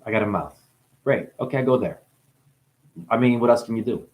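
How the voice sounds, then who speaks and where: A man with a New Jersey accent talks to his camera in a loose spiritual monologue. He cuts between excited, loud outbursts and quiet, hushed reflection, swearing freely as he goes. His voice sits at a middle pitch. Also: a little fast.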